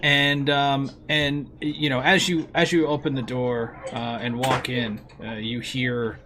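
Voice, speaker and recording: A man narrating a sci-fi tabletop role-playing game as game master, with a halting delivery. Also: medium pitch, little pitch movement, background noise. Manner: halting, many fillers and restarts.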